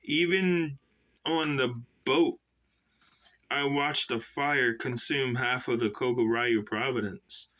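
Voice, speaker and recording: A man's voice: medium pitch, fairly even intonation, slow pace, bright, forceful tone. A man doing a bewildered young assassin. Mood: grieving. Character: earnest young male assassin, bewildered and alarmed. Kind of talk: self-published novel read aloud.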